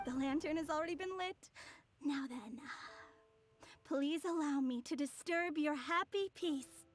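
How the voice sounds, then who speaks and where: A poised, mysterious young heir. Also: female voice, sits high, unhurried, soft background music. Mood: courteous. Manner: poised, formal, courteous. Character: composed, mysterious young woman of a secret order. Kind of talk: video game voice acting.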